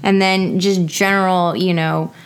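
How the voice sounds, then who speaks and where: A woman's voice: fairly low pitch, little pitch movement, a little slow, smooth. A woman co-hosting a casual podcast, asking playful questions and laughing often. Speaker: podcast co-host.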